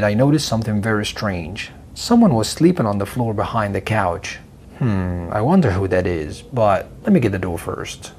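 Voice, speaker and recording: Man, husky voice, first-person story narration, animated pitch, dramatic.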